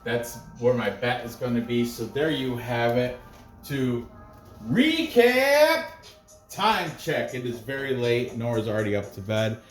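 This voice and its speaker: A man's voice: mid-range voice, moderate pace, soft background music. Rambling man in an echoey room. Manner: rambling, full of restarts and asides, animated. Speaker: host of an MMA picks show. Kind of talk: casual rambling commentary.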